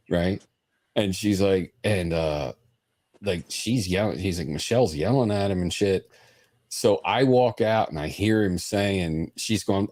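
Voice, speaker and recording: A man's voice: on the low side, measured pace, no echo, studio quality. A man on a podcast, casually telling a long story, swearing a lot and often laughing. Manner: profane, animated, laughs while telling stories. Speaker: podcast host.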